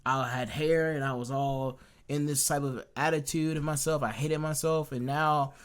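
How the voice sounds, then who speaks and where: A man's voice: fairly high pitch, fairly even intonation, moderate pace, clean tone. A young man co-hosting a casual faith podcast, telling his story earnestly and with animation, full of restarts. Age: young adult. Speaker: podcast co-host.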